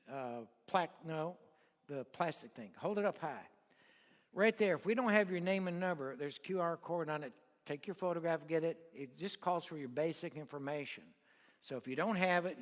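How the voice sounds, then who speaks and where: Blunt, folksy older man in a hall. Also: fairly high pitch. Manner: blunt, folksy, joking, talks straight at the crowd. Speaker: luncheon emcee introducing the guest speaker. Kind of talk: casual announcements and personal storytelling. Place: luncheon hall. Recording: long reverb of a large hall.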